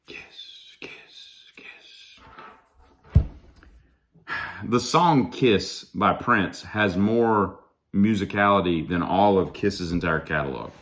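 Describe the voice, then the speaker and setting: A man's voice: fairly low pitch, a bit bright, slight background noise. A man in a casual, sarcastic rant about music, mocking and drawling through his asides. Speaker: vlogger ranting about music.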